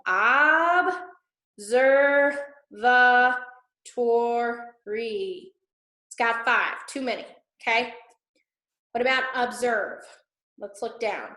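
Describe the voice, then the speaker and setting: A woman's voice: a little high, measured pace, long pauses, bright, forceful tone. A woman teacher giving patient, step-by-step instructions to students, often checking in with "okay?". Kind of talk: classroom instruction recorded for students. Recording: echoey room.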